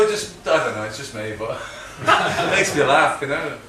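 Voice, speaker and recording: A middle-aged man with a Liverpool accent talks through an audience Q&A, rambling and chatty, with frequent laughs and tag questions. He is picked up from a distance in an echoey room. Steady background noise sits under his voice. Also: fairly high pitch, moderate pace, hardly any pauses. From Liverpool, England. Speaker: guest filmmaker.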